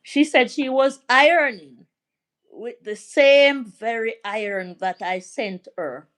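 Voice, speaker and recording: Jamaican woman, middle-aged, live stream host, slow-paced family storyteller, voice a touch high. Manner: slow, warm storytelling, reading out and answering viewer comments. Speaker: livestream host. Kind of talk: casual live chat and storytelling.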